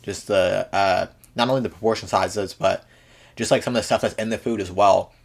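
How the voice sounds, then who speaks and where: A man's voice: on the low side, steady tone, fairly quick, creaky. A man hosting a reaction video, making casual joking comments full of fillers and mock-serious rants.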